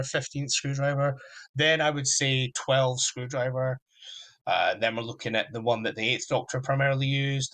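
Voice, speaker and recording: A man's voice: medium pitch, fairly bright tone. Enthusiastic young man rambling. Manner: enthusiastic, rambling fan talk. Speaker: podcast host. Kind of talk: casual solo podcast chat.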